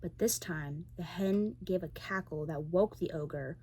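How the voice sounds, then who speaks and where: A woman reads a fairy tale in a soft, whispered role-play bedtime voice. Her tone is low, mellow and breathy. She sits close to the microphone. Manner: soft, slow bedtime reading. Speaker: ASMR storyteller. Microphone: close ASMR microphone.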